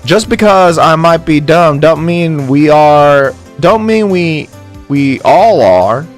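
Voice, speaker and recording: A man's voice: on the high side, expressive, slow, faint music behind. A man voicing a feisty Southern woman camper with an exaggerated drawl, scolding and indignant, as a video game figure. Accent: exaggerated American Southern drawl.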